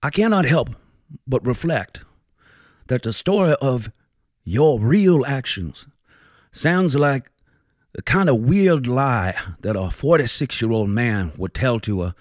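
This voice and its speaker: A man doing a blustering, foul-mouthed judge with a drawl, all pomp and grievance, swinging from bellows down to low mutters. He sits at a middling pitch and sounds close and dry, with no room sound around him. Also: animated, unhurried, a little mellow, dry recording, close to an everyday voice. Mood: pompous. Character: blustering, vain, foul-mouthed male Southern federal judge. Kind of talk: comic character monologue.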